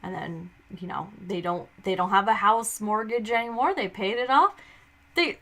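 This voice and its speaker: A chatty woman co-hosting a casual podcast, talking at a mid pitch. She laughs easily and trips over her words with plenty of fillers and restarts as she talks things through. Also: moderate pace, fairly bright tone. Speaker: podcast co-host. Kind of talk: casual chat.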